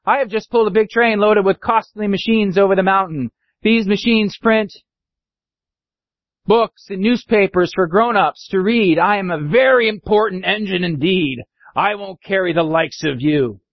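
A man's voice: high-pitched, moderate pace, dry recording. Man doing a haughty freight engine. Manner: bellowing, boastful. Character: big, proud, haughty male freight engine. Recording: dull lo-fi recording.

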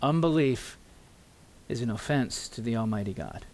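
A man preaching in a church with earnest, pleading emphasis. He draws out key words slowly as he speaks to his congregation. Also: mid-range voice, animated, darkish tone. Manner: addresses the congregation and tells a story. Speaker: pastor. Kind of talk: sermon.

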